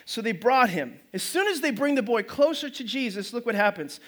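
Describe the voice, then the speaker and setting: A man's voice: very high-pitched, lively intonation, brisk, fairly bright tone. A man pastor preaching a sermon in a loose, conversational way, often restarting his phrases. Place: church service.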